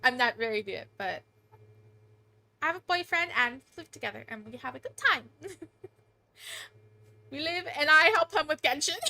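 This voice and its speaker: A woman's voice: high-pitched, bright, forceful tone. A woman streaming games, chatting casually with a bubbly, squealing manner and lots of laughter, into a desk mic. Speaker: VTuber streamer. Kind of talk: casual live-stream chat.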